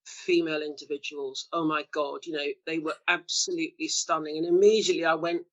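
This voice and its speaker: A middle-aged woman telling stories as an interview guest, acting out the quotes with lively shifts of voice and frequent laughs. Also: sits low, fairly quick, muffled recording. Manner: lively storyteller, acts out quotes, laughs often. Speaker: actor being interviewed. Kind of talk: anecdotal interview chat.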